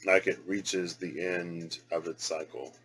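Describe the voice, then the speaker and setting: This tarot and rune reader has a low pitch, fairly even intonation, and a fairly bright tone, taking things slowly over poor audio. In his casual reading vlog he draws and reads cards aloud, muttering and repeating words to test how they're pronounced.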